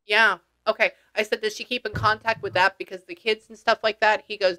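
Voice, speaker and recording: A chatty woman with a bright, forceful voice talks casually through a reading. She relays quoted lines in a loose, slangy way and swears now and then. Her pitch sits in an ordinary middle range. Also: fairly quick, few pauses. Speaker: psychic medium. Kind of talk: casual session talk.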